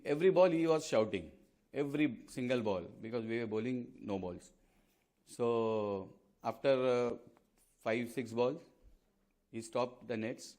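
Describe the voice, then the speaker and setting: A man's voice: medium pitch, a little mellow. Earnest man in his fifties telling stories. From India. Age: 50s. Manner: anecdotal, earnest storytelling with frequent fillers. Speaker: guest speaker, former fast bowler. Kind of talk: speech at a club event.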